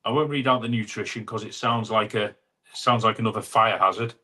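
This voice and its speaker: The host here has a fairly low, sharp voice with fairly even intonation. He runs a casual livestream from a home room, reading comments from viewers, calling them "mate," and chatting away with quick asides, using a wireless clip-on mic.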